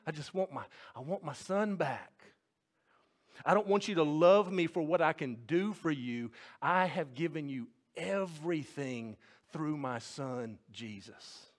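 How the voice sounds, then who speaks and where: A male preacher voicing a loving father who softly pleads to have his son back. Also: a little high, expressive, measured pace. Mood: longing.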